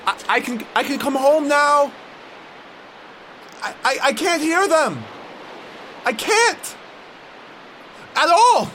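A frantic, stammering man in an audio drama, as an actor plays him, overwhelmed as his senses flood back. His voice sits high and swings wildly up and down. A faint hiss runs under the recording. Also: big pitch swings, moderate pace, long pauses, a bit bright. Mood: confused, stammering.

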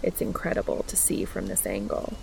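A woman voicing a shy, formal young man on a first date, speaking low, quiet and close in a soothing way. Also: very animated, fairly quick, vocal fry, a little hiss or hum, heavily acted. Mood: gentle. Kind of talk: audiobook reading of fan fiction.

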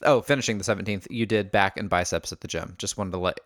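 A man's voice: on the low side, quick pace, fairly bright tone. A man co-hosting a podcast in casual chat, teasing his guest and laughing often. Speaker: podcast co-host.

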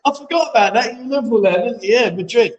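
A chatty man hosts a live-stream show, joking with his co-host and reading out viewer messages. His voice sits fairly high, and the room around him rings with echo. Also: rapid-fire, dull audio. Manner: chatty, jokey banter, reads viewer comments aloud. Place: echoey room being set up as a studio. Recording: echoey room.

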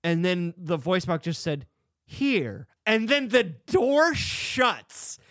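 A man co-hosting a casual podcast chat, an animated storyteller who laughs often. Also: sits high, slow pace, no echo, studio quality. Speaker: podcast co-host.

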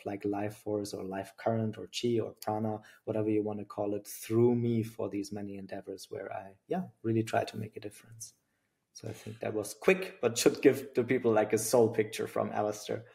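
Gravelly German-accented man. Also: on the low side, mellow. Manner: thoughtful, many fillers and restarts. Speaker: guest. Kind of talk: reflective interview talk.

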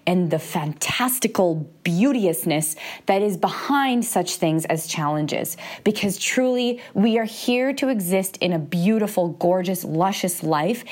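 A young woman hosting her own self-help podcast, talking earnestly and with growing passion, often acting out little inner voices. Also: lowish voice. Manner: earnest, animated, gushing and encouraging. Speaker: podcast host.

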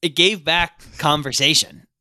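Bright, crisp-voiced man from Florida. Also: a little high, unhurried, no room sound, studio quality. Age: 30s. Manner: chatty, self-deprecating, many fillers. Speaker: podcast co-host. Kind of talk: casual podcast chat.

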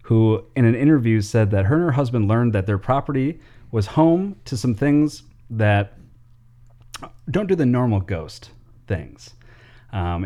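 A man's voice: mid-range voice, dark tone. A man co-hosting a casual podcast, loose and chatty, laughing easily between lots of ums. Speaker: podcast co-host presenting segments. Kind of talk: casual chat.

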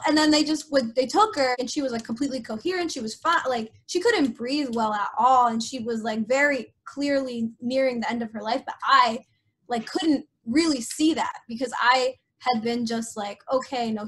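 High-voiced young woman, casual storytelling. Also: moderate pace. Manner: frequent filler "like", trailing restarts; voice drops low and soft in sad moments. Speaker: guest sharing a personal story.

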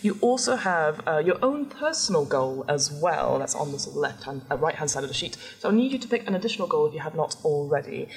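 Lowish female game master, chatty rules explainer, live stage show. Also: big pitch swings, quick pace, few pauses. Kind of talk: live tabletop game hosting. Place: live event stage before an audience.

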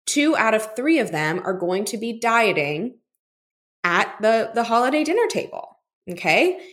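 A woman's voice: a little high, very animated, a little slow, a bit bright. Woman podcast host from Texas, a dietitian, talking to listeners in a chatty, conversational way. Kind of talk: casual solo podcast talk.

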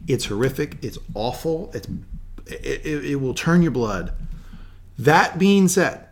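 A man co-hosting a casual film-review podcast, delivering his opinions emphatically. His pitch swings widely as he talks, giving his speech a lively, animated feel. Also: measured pace. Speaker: podcast co-host. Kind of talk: casual movie review chat.

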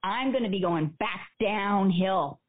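Woman, guest speaker, earnest animated storytelling, mid pitch, tinny phone-like sound. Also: measured pace. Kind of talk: personal storytelling interview. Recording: phone-like narrow band.

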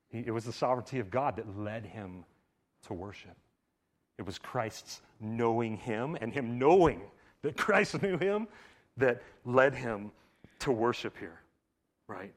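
A man preaching a sermon in a casual, conversational way, filling his talk with "like" and swinging from loud emphatic bursts to hushed lines. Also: mid-range voice, lively intonation, unhurried. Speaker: pastor. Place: church service.

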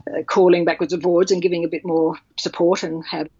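A woman author telling a personal story in an interview, halting and emotional with many restarts. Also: fairly low pitch, little pitch movement, a little mellow, husky, no room sound. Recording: dull, dry sound.

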